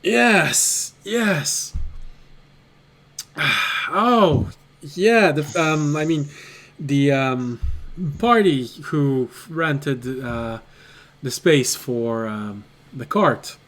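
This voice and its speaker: Man playing a groggy, stammering innkeeper, slow and hesitant, slightly high. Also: a bit bright, full character voice. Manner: hesitant, halting with many ums. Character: groggy middle-aged male innkeeper, flustered.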